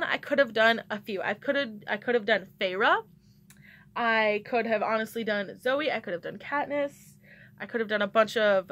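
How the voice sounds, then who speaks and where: A woman's voice: mid-range voice, fairly bright tone. Young woman rambling about books on her vlog, giggly, keeps correcting herself. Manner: chatty and rambling, laughs often, corrects herself mid-sentence. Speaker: book vlogger. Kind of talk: casual chat.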